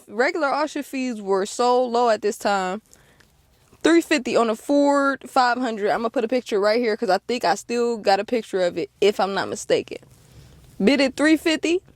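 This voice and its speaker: Woman, young, high voice, lively storytelling, dry close sound. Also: normal speed, no room sound. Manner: animated, laughs often, acts out quotes. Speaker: car dealer and vlogger. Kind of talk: casual storytelling to camera.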